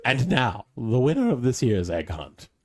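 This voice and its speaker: A man voicing an older, folksy male town mayor who speaks in a slow, hearty announcer manner. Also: medium pitch, huge pitch swings, faint music behind, voice pushed up. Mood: jolly.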